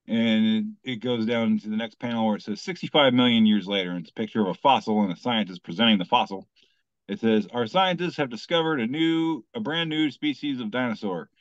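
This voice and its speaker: A man's voice: lowish voice, no echo, dull audio. A man co-hosting a podcast in casual comedic chat, rambling along as he reads out memes. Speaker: podcast co-host.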